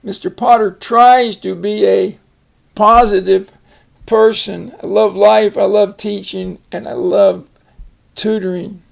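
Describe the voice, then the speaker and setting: Older man, phonics teacher, slow delivery, very gravelly voice, patient explanations. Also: sits high, fairly even intonation. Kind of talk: casual reading lesson.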